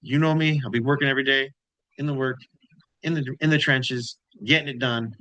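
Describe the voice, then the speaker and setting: A man in a dry, close recording, speaking at an ordinary middle pitch. He talks loosely through charts, repeating words for emphasis and tossing in "right?" and "you know" as he goes. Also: fairly even intonation, fairly quick, sharp tone, no echo, rough recording. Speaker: trading channel host. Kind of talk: casual chart commentary.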